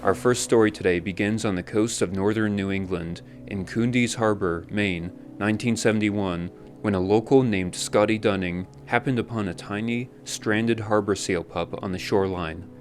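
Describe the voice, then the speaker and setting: A man narrating a scripted documentary in a measured, even storytelling manner. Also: fairly low pitch, faint music behind.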